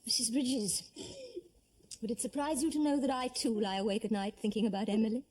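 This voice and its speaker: An actress playing a firm but kindly aristocratic mistress of a household. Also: female voice, a little high, fairly even intonation, fairly quick, slight background noise, close to an everyday voice. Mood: consoling. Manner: authoritative, then gently reassuring. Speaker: lady of the house. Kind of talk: period television drama.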